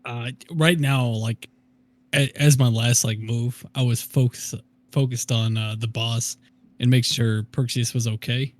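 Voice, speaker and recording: A man playing a tabletop game, explaining his last move haltingly. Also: medium pitch, fairly even intonation, no echo. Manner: halting, restarting words. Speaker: player.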